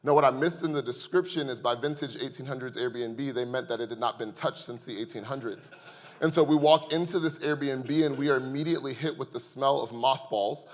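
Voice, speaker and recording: A man's voice: medium pitch, brisk. A man preaching a sermon as the church's pastor, telling a humorous personal story and joking with the congregation. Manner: lively, joking storyteller who addresses the congregation. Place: church sanctuary. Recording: long hall reverb.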